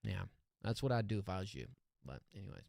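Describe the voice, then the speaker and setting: A man's voice: sits low, animated, quick pace, gravelly, a little mellow, no echo, clean studio sound. Slangy laid-back male streamer. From California. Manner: laid-back slangy banter, calls people dog. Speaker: music reaction streamer. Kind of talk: casual stream commentary.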